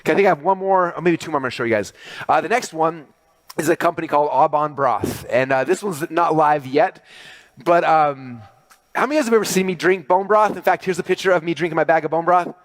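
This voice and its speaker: A middle-aged man giving an animated business talk to an audience, talking quickly and excitedly with many fillers and restarts. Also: a little high, no echo. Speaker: speaker presenting to an audience.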